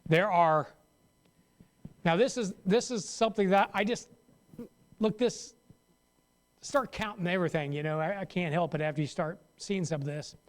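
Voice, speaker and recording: A man's voice: sits high, normal speed, pauses often. A man pastor teaching a Sunday school Bible lesson in a loose, conversational way, often stopping mid-sentence to restart.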